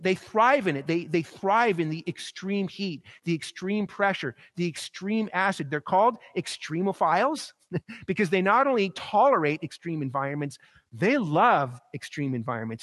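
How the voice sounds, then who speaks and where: A male pastor delivers a sermon in a fairly high voice, with a close, dry sound. He climbs to emphatic, raised peaks on repeated rhetorical phrases, then sinks soft and low. His delivery swells and falls in waves. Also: no echo.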